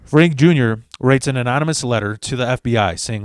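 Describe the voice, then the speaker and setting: A man's voice: mid-range voice, fairly quick, hardly any pauses, no room sound. Brief: man, mid-range voice, loose and foul-mouthed storyteller, dry close sound. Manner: rambling and profane, with restarts and asides. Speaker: storyteller host of his channel. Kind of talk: casual storytelling.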